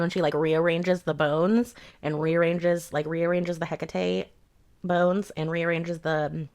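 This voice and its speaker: A woman's voice: fairly low pitch, little pitch movement, a little slow, darkish tone, clear, resonant tone. A young adult woman giving a rambling, sarcastic book review in a casual rant, swearing freely.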